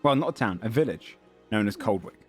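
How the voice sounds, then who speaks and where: A man narrating a tabletop fantasy game as game master, halting with frequent ums and self-corrections. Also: on the low side, expressive, over loud music.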